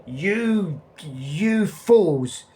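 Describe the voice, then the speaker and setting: A man's voice: mid-range voice, lively intonation, takes it slowly, slight background noise. A man voicing a haughty, imperious middle-aged villainess who barks and scolds, in a storybook reading. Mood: furious.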